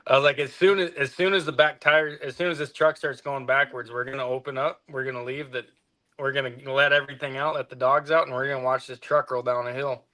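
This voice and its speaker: A man's voice: mid-range voice, steady tone, fast, pushed and bright. A man who works as a hunting guide, telling stories in a laid-back way with dry humor. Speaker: hound hunting guide, co-host. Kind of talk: casual storytelling chat.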